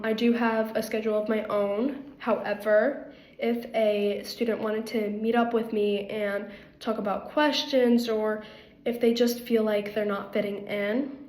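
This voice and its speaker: A woman's voice: medium pitch, roomy sound. A young adult woman giving earnest, rambling interview answers as an applicant for a campus guide role, with frequent fillers. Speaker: applicant for first year guide.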